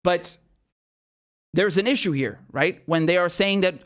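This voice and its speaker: Man, fairly high voice, angry political rant, swearing, rhetorical questions. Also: very animated, normal speed, a bit bright. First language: not American. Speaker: political commentary host. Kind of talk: ranting political commentary.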